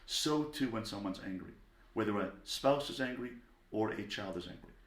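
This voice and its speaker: A low-pitched man teaches parents in a calm, measured lecture, leaning on key words. His voice rings in a noticeably echoey room. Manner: calm and deliberate, stressing single words.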